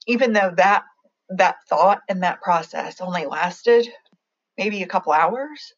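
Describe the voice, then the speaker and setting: A young woman telling a personal story in a halting, reflective way, often restarting her sentences. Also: fairly low pitch, dull audio.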